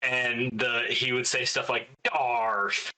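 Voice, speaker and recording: Bright-voiced joking man from Utah. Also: mid-range voice, level tone, slow pace, rough recording. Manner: profane, joking storyteller. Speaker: podcast co-host. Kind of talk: casual chat.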